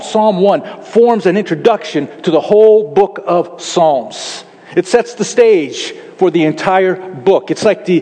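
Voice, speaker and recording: High-voiced preacher in a reverberant hall. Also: male voice, dark tone. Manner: emphatic preaching, stressing key words. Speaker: pastor. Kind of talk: sermon.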